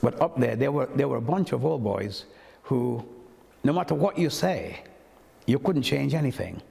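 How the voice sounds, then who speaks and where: A man's voice: mid-range voice, moderate pace, gravelly, long reverb tail. An older man from Montserrat, a toastmaster telling stories and acting out the voices of the people in them. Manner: animated storyteller who acts out quoted speech. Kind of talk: anecdotal storytelling.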